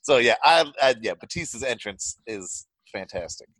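A man co-hosting a casual chat, excitable, swearing and bursting into shouts. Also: medium pitch, normal speed, rough recording. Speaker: podcast co-host.

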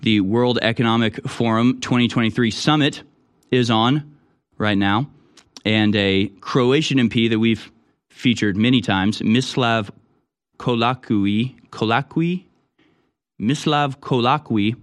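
A man's voice: mid-range voice, measured pace. Sarcastic male talk-show host. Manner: sarcastic, builds to heated ranting. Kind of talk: casual talk-show monologue.

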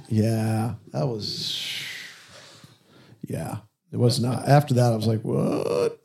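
Male host, loose and profane storyteller, warm low timbre. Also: fairly even intonation, takes it slowly, gravelly. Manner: profane storyteller who acts out quoted exchanges. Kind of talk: casual car chat.

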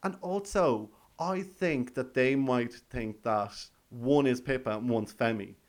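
A man's voice: medium pitch, a little slow. A man hosting a podcast, chatting casually and playfully about a reality show and laughing often. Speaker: podcast host. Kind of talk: casual recap chat.

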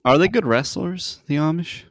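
A man's voice: a little high, moderate pace, dry recording, clean studio sound. A man in a casual chat among friends, joking crudely and swearing freely.

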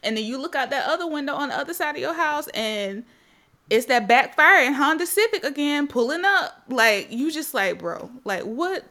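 A woman's voice: high voice, expressive, normal speed, bright, forceful tone. A woman on a podcast telling a personal story in casual chat, acting out her own reactions and swearing. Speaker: podcast co-host.

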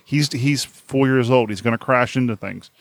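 A man's voice: mid-range voice, moderate pace, gravelly, no echo. A man in his thirties in casual conversation, rambling and repeating his words as he thinks aloud. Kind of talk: casual podcast chat.

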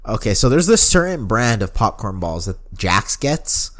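Laid-back young man, low voice. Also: very animated, moderate pace, a bit bright. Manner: laid-back, swears often, says "like" and "bro" a lot. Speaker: podcast co-host. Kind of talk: casual chat.

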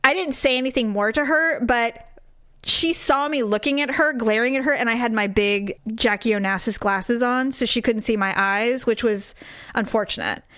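A woman co-hosting a podcast tells a story in casual chat, animatedly acting out what people said. Her voice is fairly high and her speed normal, recorded at studio quality with no room sound.

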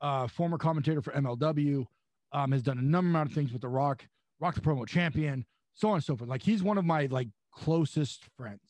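A young adult man, a pro wrestler guest, telling a long anecdote with lively acted-out quotes. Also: fairly high pitch, a little fast, dry recording. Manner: animated, acts out quotes with voices and laughs. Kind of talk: storytelling anecdote.

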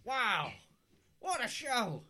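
A man's voice: extremely high pitch, wildly swooping pitch, very slow, bright, forceful tone. A man improvising a blunt, complaining audience member on a comedy podcast.

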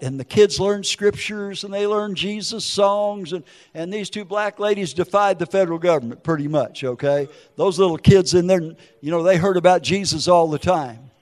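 Older male preacher, emotional testimony style, raised pitch. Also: long reverb tail. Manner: emotional storytelling with acted quotes. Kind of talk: testimony sermon.

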